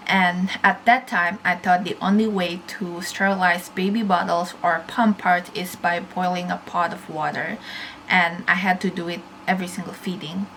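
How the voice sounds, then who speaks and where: A woman's voice: mid-range voice, a bit bright, slight background noise, rough recording. A young woman vlogger giving a casual, chatty product review, with plenty of fillers and restarts.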